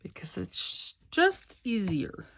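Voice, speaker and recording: Quiet slow-talking woman with a gravelly voice. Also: medium pitch, big pitch swings, slight background noise. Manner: quiet, rambling, talks to herself while working. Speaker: junk journal crafter. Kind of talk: casual crafting vlog narration.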